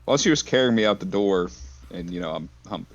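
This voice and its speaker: A man's voice: deep voice, animated, fast, dry recording, lo-fi sound. A man playing a tabletop game, hesitant and thinking aloud as he talks. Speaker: player.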